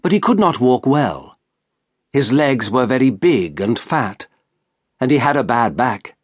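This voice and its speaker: A man narrating an audiobook in the first person with a slow, careful delivery. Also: mid-range voice, sing-song, breathy edge, dry recording. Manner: slow, carefully paced reading.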